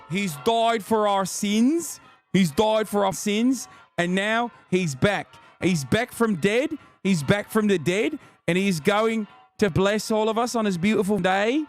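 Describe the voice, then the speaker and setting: A man putting on the voice of an exultant male preacher, booming out drawn-out, sing-song exclamations. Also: very animated, gravelly, fairly bright tone, faint music behind, exaggerated voice.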